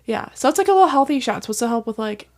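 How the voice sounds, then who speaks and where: A woman's voice: fairly high pitch, expressive, rapid-fire, a little mellow. A young woman, just woken up, chatting as a podcast guest and rambling along with lots of fillers. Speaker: guest, host's fiancée. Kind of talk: casual morning chat.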